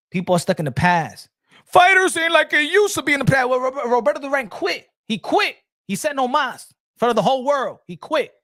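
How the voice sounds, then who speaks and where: A man's voice: very high voice, fairly bright tone. A man hosting a boxing talk show, ranting heatedly and repeating himself with a lot of profanity. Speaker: boxing commentary host. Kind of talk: casual ranting commentary.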